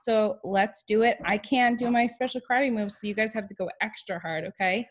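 A woman's voice: mid-range voice, normal speed. A young woman teaching a video class to young children, cheerful and encouraging, singing along and spelling words.

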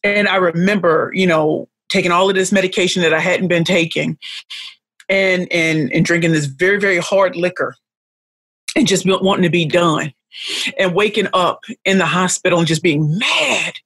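A middle-aged woman, a podcast guest, telling a deeply personal story with emphatic repetition, emotional and close to tears. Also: steady tone, normal speed, fairly bright tone, dry recording. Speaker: podcast guest, pitch coach.

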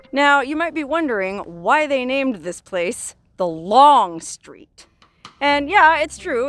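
Upbeat higher-pitched woman vlogging. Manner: chatty and upbeat, coos at animals. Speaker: travel vlogger and host. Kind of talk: casual walking tour vlog. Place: outdoors at a desert roadside hotel.

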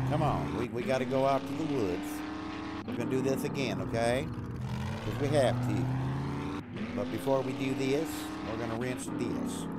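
Male streamer, lively pitch, casual banter with his chat. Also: heavy background noise. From USA. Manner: chatty, talks to his chat and his dog, jokey. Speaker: streamer playing a survival game.

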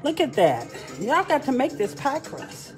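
A woman's voice: high voice, huge pitch swings, unhurried, echoey room, faint music behind. A woman hosting a casual live cooking demonstration. She is chatty and exclamatory, and she keeps coaxing her viewers along. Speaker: home cook hosting a cooking stream.

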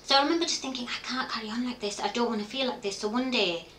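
Recorded in an echoey room with a little hiss or hum, this middle-aged woman talks very fast in a slightly high, fairly bright voice. As a guest in a candid interview, she reflects openly on her story and frequently voices what she once thought to herself.

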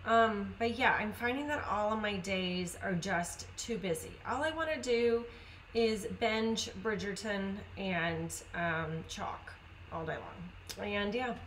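A woman's voice: medium pitch, animated, measured pace, a bit bright, distant mic, slight background noise, poor audio. A woman hosting a casual live-stream craft sale from home, chatty and upbeat, greeting viewers by name. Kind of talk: casual live sales chat.

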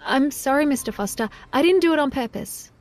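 A woman's voice: high voice, animated, fairly quick, no echo, faint music behind, pitched above the performer's own voice. A woman voicing a flustered, stubborn young woman who pleads in a breathless, tearful way. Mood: pleading. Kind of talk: audiobook dialogue.

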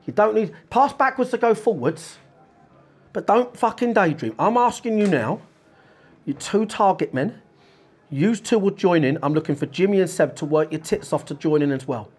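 A man's voice: high voice, expressive, normal speed, a little mellow, breathy edge. A man giving a blunt, urgent half-time team talk to his players as football manager, swearing freely.

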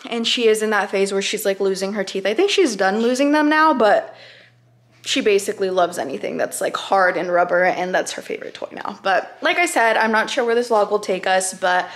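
A woman's voice: medium pitch, animated, brisk, echoey room. A woman vlogging at home in a casual chatty way, cooing at her puppy and giving it training commands. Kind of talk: casual vlog chat. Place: home kitchen.

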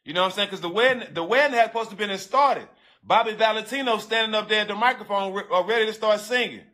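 A man's voice: high-pitched, bright, forceful tone. A man telling a personal story in casual, profane street slang, talking straight to his listeners and repeating himself as emotion builds. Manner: emotional, breaks into halting repeats.

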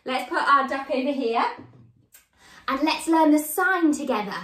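A woman leading a children's sign language lesson, in an animated, sing-song, encouraging way. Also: sits high, a little slow, reverberant. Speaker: baby sign language teacher.

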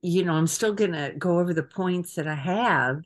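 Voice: medium pitch, normal speed. A trip organizer on a video call giving a casual meeting briefing, chatty and hesitant with frequent fillers.

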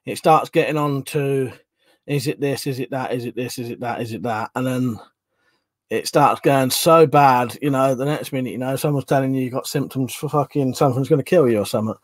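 A man's voice: medium pitch, fairly quick, no room sound. A man hosting a casual livestream, rambling and chatty as he reads out chat messages and swears offhand. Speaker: livestream host reading chat.

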